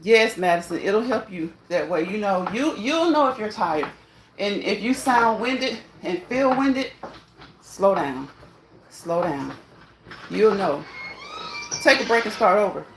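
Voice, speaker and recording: A woman's voice: medium pitch, lively intonation, a little slow. Woman, slightly winded, casual exercise chat, echoey room, faint hiss. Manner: repetitive, encouraging, laughs often. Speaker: fitness vlogger. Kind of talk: casual talk while exercising. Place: indoors on an exercise machine.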